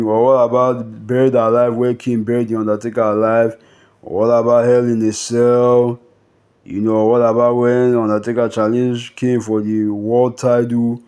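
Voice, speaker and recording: A man talks slowly and loosely, strings his thoughts together with "you know" and "bruh", and keeps it casual and off the cuff. His voice is smooth and clear, at a middle pitch. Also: darkish tone. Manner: rambling, heavy on fillers like "you know" and "bruh". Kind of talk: casual unscripted monologue.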